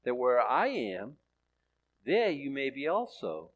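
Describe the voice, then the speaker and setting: A male pastor delivers a sermon in a loose, conversational way. He reads scripture and then talks it through with a sarcastic edge, in an ordinary mid-pitched voice. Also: huge pitch swings, takes it slowly, muffled recording. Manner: conversational and sarcastic, with jokes and laughs.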